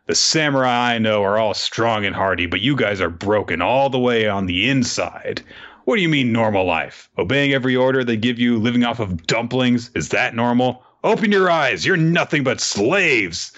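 A man's voice: mid-range voice, lively intonation, moderate pace, a bit bright, close to an everyday voice. Man doing a young pirate captain, defiant and rousing, lo-fi sound.

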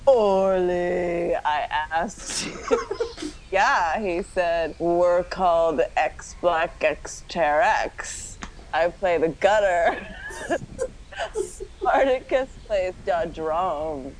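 A woman's voice: on the low side, very slow, slight background noise. A woman podcast host doing a comic dramatic reading of a story, often breaking into laughter as she reads.

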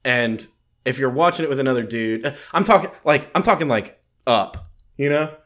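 A man's voice: medium pitch, expressive, normal speed, fairly bright tone. A young man in casual podcast chat, joking and swearing freely.

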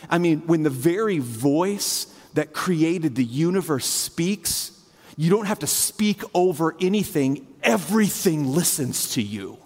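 A male pastor preaching a conversational sermon full of fillers, dropping to a hushed low voice and rising high again as he retells a scene. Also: lively intonation, unhurried, in a large hall. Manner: conversational, imaginative storytelling with many fillers; swings between hushed low and raised high delivery.

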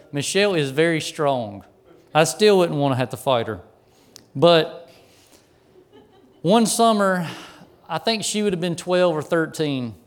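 Middle-aged pastor guy telling a family story in a sermon, kinda high voice, laughs along. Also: smooth. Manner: animated, folksy anecdote with chuckles.

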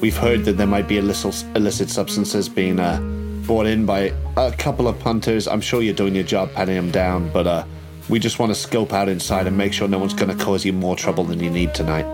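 A man's voice: low voice, fairly even intonation, a little fast, music in the background. A man playing a tabletop game, talking in an easygoing, jokey way. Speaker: player. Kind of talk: tabletop game play, in character.

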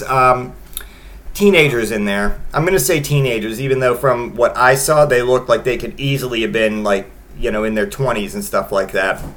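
A man's voice: mid-range voice, a bit bright. Rambling, profane man in his late thirties. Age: late 30s. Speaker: podcast host. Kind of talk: casual comedic storytelling.

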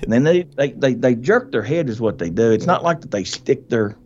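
A man telling a hunting story as a podcast guest, animated and folksy, laughing often and acting out what people said. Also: mid-range voice, a little fast, highs cut off, a little hiss or hum. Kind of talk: casual storytelling.

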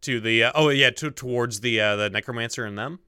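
A man's voice: medium pitch, fairly quick, bright, forceful tone, smooth, no echo, studio quality. A man running a tabletop role-playing game as game master, describing the scene and rules with many fillers and asides to himself. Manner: many fillers, mutters to himself while setting things up.

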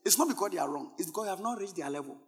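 Ghanaian male pastor, very high lively voice, shouting sermon, echoing church hall. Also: racing. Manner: animated, switching between soft asides and shouted exhortations.

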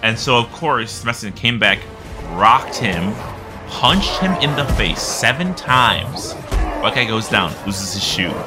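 Animated man telling a wild story. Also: on the low side, a little slow, over music. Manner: animated, laughing, acts out quotes. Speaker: podcast host. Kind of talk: casual storytelling.

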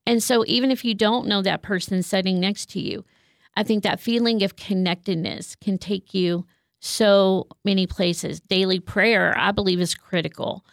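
A woman's voice: mid-range voice, fairly even intonation, moderate pace, creaky, no room sound, studio quality. A woman who works as a counselor, speaking in an earnest, heartfelt way about her faith. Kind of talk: reflective faith talk.

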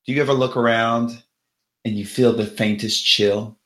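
A man voicing a creepy male sorcerer who speaks in a slow, insinuating, cryptic manner. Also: mid-range voice, steady tone, fairly bright tone, natural voice. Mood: sinister, musing.

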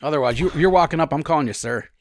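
A man's voice: very fast, no echo, clean studio sound. A younger man hosting a podcast, talking casually and laughing often. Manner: animated, laughing, swings up in pitch. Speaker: podcast host. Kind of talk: casual chat.

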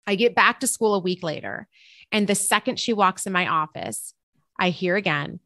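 A woman's voice: medium pitch, normal speed, no room sound, clean studio sound. A woman, a teacher and author, tells a personal story in an interview, acting out the dialogue as she goes. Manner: expressive, acts out quoted dialogue.

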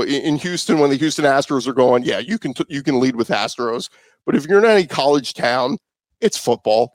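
A man's voice: medium pitch, no room sound. A man who works as a sports radio host, talking casually in an interview, loose and conversational with many fillers and restarts.

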